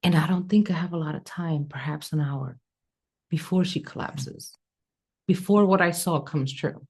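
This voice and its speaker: A woman psychic medium telling a personal story in an interview, animated and acting out the dialogue. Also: deep voice, moderate pace, gravelly. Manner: animated, acts out quoted dialogue. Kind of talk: emotional storytelling.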